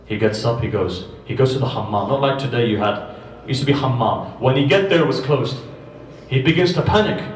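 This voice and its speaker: A man's voice: mid-range voice, fairly quick. Man preaching in an echoey hall. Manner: animated storytelling, swinging from loud emphasis to quiet asides. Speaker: religious lecturer. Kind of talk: sermon at a mourning gathering. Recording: echoey hall, distant mic, faint background noise.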